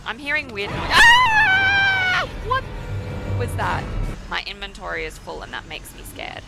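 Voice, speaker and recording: A woman's voice: medium pitch, wildly swooping pitch, normal speed, gravelly. A young woman streaming a horror game, chatty and self-mocking, who shrieks at every scare. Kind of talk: live gameplay commentary. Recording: game music loud behind the voice.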